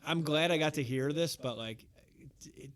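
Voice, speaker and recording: A man's voice: a little high, normal speed, a bit bright. Wry man recapping in casual chat. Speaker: podcast co-host.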